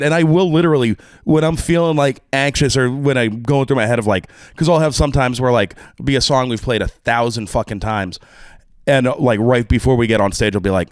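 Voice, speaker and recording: Texan drummer, podcast guest; candid, profane, rambling; dry close mic. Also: male voice, mid-range voice, fairly quick, no echo. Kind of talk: casual conversation.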